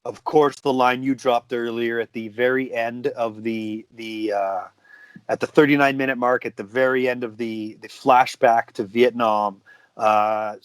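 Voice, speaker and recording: Male podcast co-host, middle pitch, chatty and quick to laugh, dry sound. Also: no room sound. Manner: laughs often, reads out quotes. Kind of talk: casual movie review chat.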